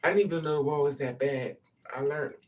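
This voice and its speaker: A person telling a personal story in a casual monologue, blunt and animated, swearing freely and breaking into loud, emphatic bursts. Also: medium pitch, quick pace, far from the mic.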